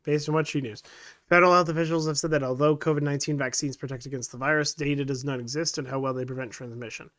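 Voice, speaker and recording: A man's voice: mid-range voice, fairly even intonation, fast talker, fairly bright tone. A man co-hosting a podcast, reading news aloud and adding agreeable, sarcastic asides. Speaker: podcast co-host.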